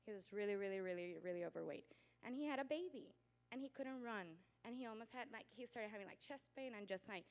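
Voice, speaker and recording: A woman doctor giving a lively conference lecture, acting out patients and relatives and laughing often. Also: mid-range voice, quick pace. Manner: animated storyteller, acts out patients and family; laughs often, talks with growing volume. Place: conference hall.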